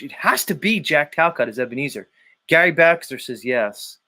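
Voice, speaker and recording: Quick and animated, this livestream host's voice is high, pushed, and bright as he reads viewer comments and chats casually. His talk wanders, profane and crowded with fillers as he thinks out loud.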